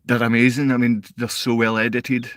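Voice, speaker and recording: A Scottish father hosting a live stream fires back at chat comments in a combative, insulting rant that climbs into shouted outbursts. His medium-pitched voice is flat, his pace moderate, and the recording has no echo.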